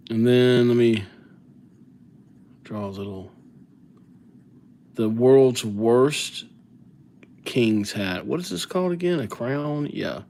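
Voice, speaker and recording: A man chatting casually and joking at his own expense on a live calligraphy stream, dropping to soft murmurs as he writes. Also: mid-range voice, very slow, vocal fry, pauses often. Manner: chatty, self-mocking, drops to soft murmurs while writing. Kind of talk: casual live-stream chat while writing.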